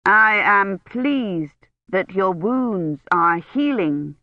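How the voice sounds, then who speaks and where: A woman reading a kind young male knight who speaks slowly and over-distinctly. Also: on the low side, lively intonation, no echo, muffled recording. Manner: slow, over-distinct, emphatic speech.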